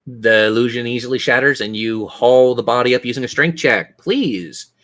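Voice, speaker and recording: A man runs a tabletop game as its game master. His voice sits at a middle pitch, and he narrates with patient, descriptive turns. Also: moderate pace, a bit bright.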